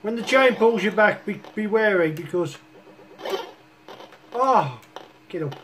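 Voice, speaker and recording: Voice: medium pitch, animated, slow pace, fairly bright tone, a little hiss or hum. A retro gaming host who gives casual, chuckling commentary on his own play and often laughs at himself. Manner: chuckling often, self-mocking. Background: chiptune game music.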